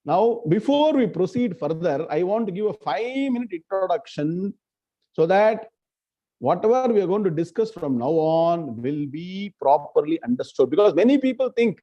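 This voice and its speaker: A man's voice: sits high, animated, moderate pace, mellow. A man leading an online scripture class, often quizzing students by name. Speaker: scripture teacher. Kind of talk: online lecture. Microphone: video call. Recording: muffled lo-fi online class audio.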